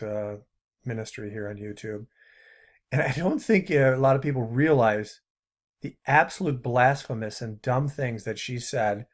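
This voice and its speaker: A man in the middle of his pitch range narrates a commentary video. He mocks the clips he plays, laughing at them and letting his voice trail off softly at the ends of phrases. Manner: mocking, laughing, trailing off quietly.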